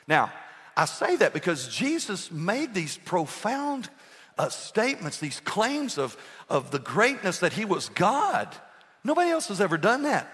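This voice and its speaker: Male pastor, passionate sermon delivery with storytelling asides, slightly high voice, echoing sanctuary. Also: big pitch swings, normal speed, fairly bright tone. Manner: impassioned preaching with rising emphasis, conversational storytelling asides.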